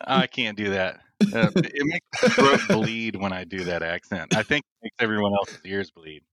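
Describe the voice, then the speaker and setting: Male podcast guest, low voice, dry close mic, relaxed storyteller. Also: moderate pace, dry recording. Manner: storytelling, laughs often, relaxed. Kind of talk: casual chat.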